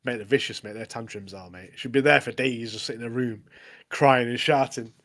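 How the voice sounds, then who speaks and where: A man's voice: mid-range voice, a little fast, a bit bright. A young man co-hosting a podcast, retelling scenes in a rambling, laughing casual chat. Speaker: podcast co-host.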